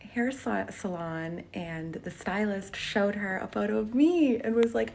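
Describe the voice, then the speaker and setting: A woman vlogging casually at home into a handheld phone, drawling with vocal fry and filling her talk with "like" and "um". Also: fairly low pitch, normal speed, slight background noise. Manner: drawling, peppered with "like" and "um". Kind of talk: casual confessional vlog talk.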